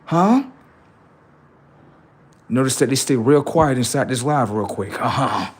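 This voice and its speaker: A man's voice: mid-range voice, lively intonation, a little slow, breathy edge. A man hosting a livestream, delivering a heated, profane and confrontational political rant that taunts his listeners. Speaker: livestream host.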